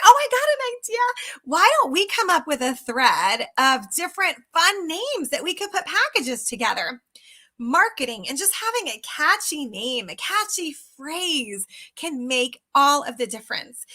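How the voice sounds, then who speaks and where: Casual emphatic woman sales coach, high-pitched and bright, chatty, middle-aged. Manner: chatty, emphatic, addresses viewers as guys. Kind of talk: casual live coaching talk.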